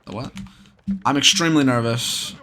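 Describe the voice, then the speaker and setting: A man's voice: mid-range voice, moderate pace, pushed and bright. A young man telling a story in casual, rambling commentary, swearing constantly.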